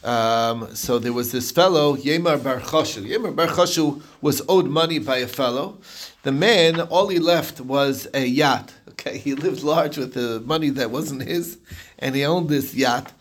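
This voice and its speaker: A man leading a daily Talmud page lesson, telling the case as a story in a relaxed, conversational way and answering students' questions. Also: medium pitch, a little slow. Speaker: Talmud class teacher.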